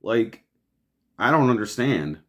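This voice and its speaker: A man's voice: medium pitch, very animated, slow pace, a bit bright. A man hosting a podcast, ranting over the news in a profane, exasperated way and laughing often. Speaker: podcast host.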